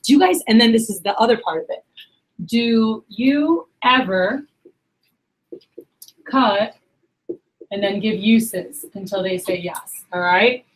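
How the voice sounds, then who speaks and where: A woman's voice: mid-range voice, expressive, slow, long pauses, poor audio. A young woman leading a sales workshop. She talks chattily with lots of energy, quizzes the room, and acts out customer reactions. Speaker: sales trainer. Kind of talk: workshop teaching talk. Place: meeting room, in front of a group.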